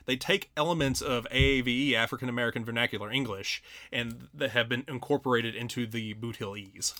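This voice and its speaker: A man's voice: mid-range voice, brisk, sharp tone, no echo. A man who teaches writing, explaining his approach to students' writing in an earnest, explanatory way. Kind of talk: casual conversation about teaching.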